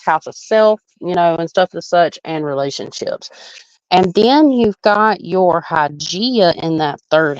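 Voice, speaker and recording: A woman astrologer talks through a chart live in a loose, chatty way, often breaking into laughter. Her voice sits a little low. The sound is dry and a touch dull, like a home live stream. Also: no echo. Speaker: astrologer hosting a live reading. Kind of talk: casual live chart reading.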